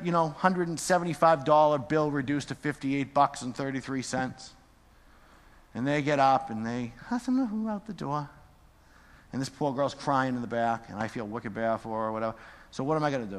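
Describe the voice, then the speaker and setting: A man preaching a storytelling sermon, swinging from quiet asides to near-shouting. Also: medium pitch. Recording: echoey large hall.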